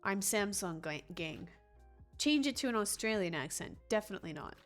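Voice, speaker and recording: A woman's voice: mid-range voice, animated, moderate pace, soft background music. Chatty woman streamer rambling with chat. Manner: rambling, chatty, self-interrupting with frequent restarts and laughs. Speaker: gaming livestreamer reading chat. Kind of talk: casual livestream chat.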